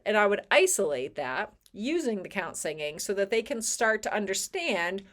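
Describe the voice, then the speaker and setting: A woman teaching choir technique in an educational video, speaking clearly and with emphasis, sometimes singing short examples. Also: mid-range voice, big pitch swings, normal speed, few pauses, fairly bright tone.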